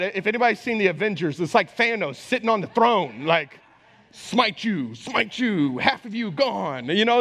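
A man preaching a sermon as pastor, conversational and animated, talking straight to the congregation. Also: high-pitched. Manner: conversational, animated, acts out quoted voices. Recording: long hall reverb.

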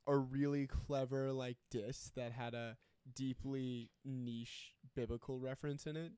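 A man's voice: medium pitch, fairly even intonation, measured pace, warm tone, clear, resonant tone, no echo. A man co-hosting a podcast, casually retelling a story in a jokey, giggly way. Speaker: podcast co-host. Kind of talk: casual chat.

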